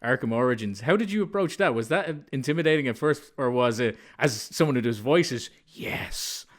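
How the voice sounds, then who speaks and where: A man's voice: medium pitch, animated, moderate pace. A man co-hosting a casual podcast interview, asking eager, stumbling questions. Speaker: podcast co-host.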